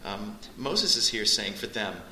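Male Bible teacher, piercingly bright voice, animated expository style, echoey room. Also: measured pace, slight background noise. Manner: animated, surges in pitch on key points.

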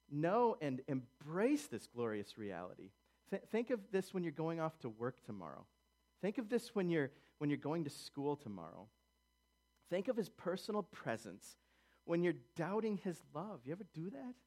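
A man preaching a sermon as a pastor, earnest and emphatic, pressing his points home and dropping into quieter asides. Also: medium pitch.

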